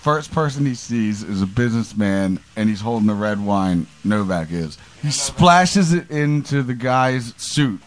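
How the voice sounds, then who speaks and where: Man, casual chat, crude storytelling, laughs often, middle pitch. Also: unhurried, few pauses. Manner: laughing storyteller, crude and animated, acts out voices. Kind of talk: casual chat, telling stories.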